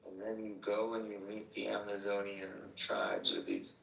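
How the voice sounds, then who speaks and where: Young guy with a low gravelly voice, bright edge, joking around and swearing a lot, roomy room far from the mic. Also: very animated, normal speed, a little hiss or hum. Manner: blunt, joking, profane banter. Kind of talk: casual chat.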